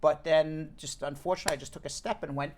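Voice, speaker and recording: Joking, animated male show host. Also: a little high, quick pace. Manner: animated, joking, self-deprecating. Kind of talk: casual live show chat.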